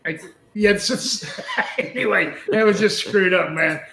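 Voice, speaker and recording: Fairly bright and high, the voice belongs to an older man, once a wrestling booker, who takes his time telling a rambling, homespun story with chuckles. It's an interview clip captured in a room with noticeable echo.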